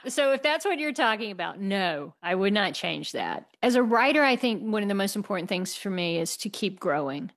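A woman's voice: medium pitch, sing-song, a little fast, hardly any pauses. A woman from the United States, an author answering interview questions in a candid, passionate way and laughing wryly. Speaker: author guest.

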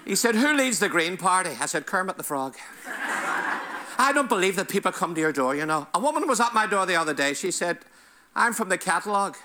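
A man's voice: high voice, expressive, brisk, pushed and bright, slight background noise. A man doing stand-up comedy, firing off punchy one-liners and putting on voices for his characters.

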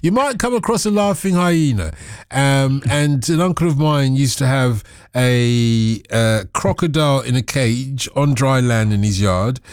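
Man, casual chat, teasing and animated, dry close sound. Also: mid-range voice, a little slow, no echo. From Nigeria. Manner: playful, teasing, mimics accents. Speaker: conversation partner.

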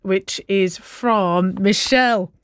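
A woman's voice: medium pitch, slow, smooth, no echo. A woman presenting a radio show in a chatty way, reading out listener messages at a studio microphone. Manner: chatty and warm-hearted, reads out listener messages.

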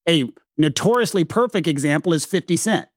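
Man, Southern American accent, high-pitched, emphatic lecturing, dry close sound. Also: lively intonation, brisk, no room sound. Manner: emphatic, lecturing, repeats phrases for weight. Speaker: legal commentator co-host. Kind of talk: podcast discussion.

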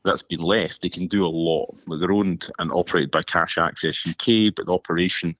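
A man speaks earnestly as a radio interview guest, often repeating words as he works through a point. His voice is very low. The sound is dry and close to the mic. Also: steady tone, a little fast, a bit bright, dry recording. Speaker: charity policy director, interview guest.

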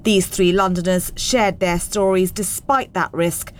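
A woman reporter reading a scripted news report in a measured way. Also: on the low side, fairly even intonation.

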